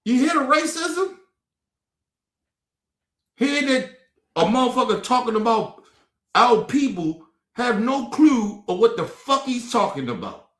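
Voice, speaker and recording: A man's voice: extremely high pitch, very animated, a little slow, long pauses, a bit bright. A man streaming commentary, blunt and indignant, with heavy swearing. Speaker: streamer reacting to clips. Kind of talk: casual profane commentary. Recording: roomy echo.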